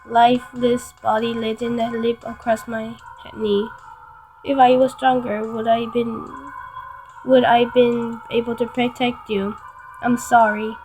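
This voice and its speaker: Halting woman reading a story. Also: on the high side, a little mellow, low-quality recording. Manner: halting, stumbles and restarts words. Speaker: story reader. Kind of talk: dramatic first-person story reading.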